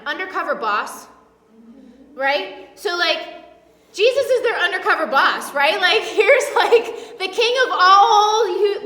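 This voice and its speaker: High bright woman preaching casually in a church, lots of "like", echoey hall and off-mic. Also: distant mic. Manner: chatty, filler-heavy, acts out quoted voices. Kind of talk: casual sermon.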